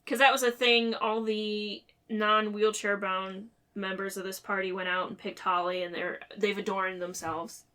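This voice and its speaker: Podcast co-host, young adult woman, crisp and bright tone, animated storyteller who voices the characters. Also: medium pitch, moderate pace, few pauses. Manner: animated retelling, quotes characters in playful voices. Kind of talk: casual book discussion.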